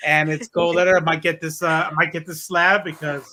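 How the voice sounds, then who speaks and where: A man's voice: on the high side, little pitch movement, brisk, bright, forceful tone. A man hosting a casual podcast chat, rambling, self-mocking and laughing often. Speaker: podcast host. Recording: audible background noise.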